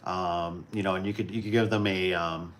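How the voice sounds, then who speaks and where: A man from Michigan hosting a casual livestream, talking in a relaxed, rambling way and chuckling often. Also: low voice, moderate pace. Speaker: livestream host.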